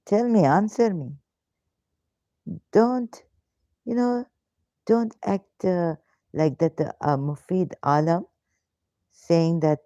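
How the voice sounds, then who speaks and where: Woman ranting slow n mellow, lots of uh and why questions, muffled lofi stream. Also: sits low, no room sound. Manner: emphatic and indignant, full of rhetorical questions, hesitant fillers and broken grammar. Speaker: ex-Muslim question-and-answer host. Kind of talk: live question-and-answer talk.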